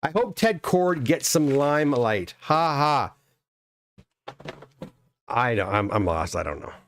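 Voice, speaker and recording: This middle-aged Canadian man speaks at medium pitch and normal speed. He hosts a casual live stream where he unboxes graded comics, rambling as he chats and reads comments aloud.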